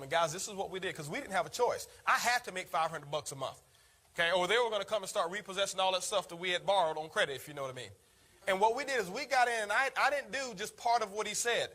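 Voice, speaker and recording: A man delivers a motivational talk at a brisk, rapid clip. His voice sits high and sounds bright and forceful. He tells his story with energy and keeps calling his listeners "guys.". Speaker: network marketing speaker.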